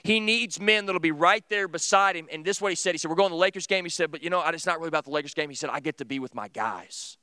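Man, middle-aged, sermon, earnest storytelling, high bright voice, smooth and clear. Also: fast talker, few pauses, no room sound. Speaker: teacher.

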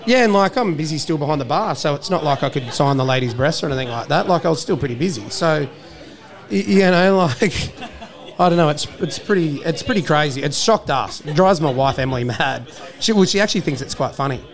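A young Australian publican with a slightly raised pitch, telling stories in a loose, joking way and laughing at himself. He sounds like he is in a busy pub, with patrons chattering behind him. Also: lively intonation, a little fast, some chatter behind. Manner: jokey, self-mocking, laughs often. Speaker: country pub owner. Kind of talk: casual interview chat. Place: country pub.

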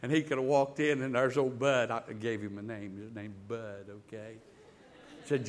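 A male pastor's sermon moves between emphatic, loud escalations and gentle, intimate passages, with words often repeated for momentum. He keeps a medium pitch, a steady tone, and a moderate pace.

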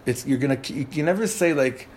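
A man teaching a Torah class conversationally, an animated manner and lots of questions put to the group. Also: mid-range voice, fairly quick, a little hiss or hum. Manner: animated, asks the group questions, many restarts.

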